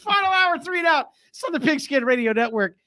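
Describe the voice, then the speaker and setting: A man's voice: very high-pitched, lively intonation, a little fast, pushed and bright, dry recording, studio quality. A man hosting a sports radio talk show, jokey and laughing, with hesitant fillers. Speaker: radio host.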